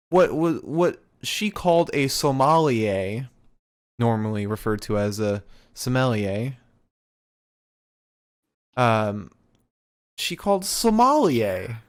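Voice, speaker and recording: A young man talks through a wrestling episode in a relaxed, unhurried podcast chat. His voice is smooth and clean, and he takes his time. He swears casually as he recaps. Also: medium pitch. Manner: laid-back, swears, mimics wrestlers in quotes. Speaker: podcast co-host.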